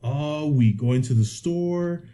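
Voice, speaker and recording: A man, co-hosting a podcast and telling a story full of swearing. He acts out the people in it in animated bursts. His voice sits a little high, with a mellow, warm tone. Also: slow. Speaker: podcast co-host. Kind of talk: casual profane storytelling.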